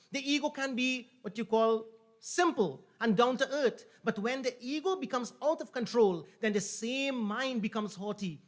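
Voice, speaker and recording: High-voiced man preaching. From Trinidad and Tobago. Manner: storytelling, repeats phrases for emphasis, swells louder and slows on key points. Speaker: pundit officiating a yagna. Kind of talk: sermon.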